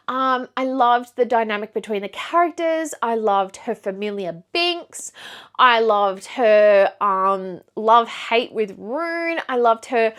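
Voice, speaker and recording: A young woman chatting to camera about her month's reading, her voice sitting a little high. She rambles happily through asides and fillers, holding books up as she goes. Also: animated, slow pace, a bit bright. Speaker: book vlogger. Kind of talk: casual book review chat.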